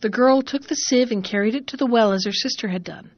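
A woman reads a fairy tale aloud in a measured, expressive storytelling voice. Her voice sits fairly high. The recording is dry and a bit dull. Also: dry recording. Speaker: narrator. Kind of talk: storybook narration.

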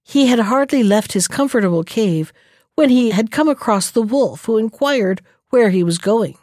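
A woman narrating an animal folktale in an expressive, measured storybook style. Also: a little high, no room sound, clean studio sound.

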